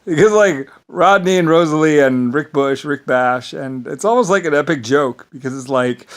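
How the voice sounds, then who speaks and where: A man's voice: a little high, brisk, creaky, low-quality recording. A man in a rambling, grandiose monologue to camera, swearing and laughing at himself. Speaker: vlogger.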